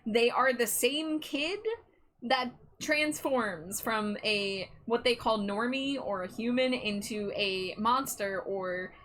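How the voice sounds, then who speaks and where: Bright-voiced chatty woman streamer. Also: on the high side, slow pace. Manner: chatty, swears freely, excitable. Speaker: streamer host. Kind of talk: casual chat on a live stream.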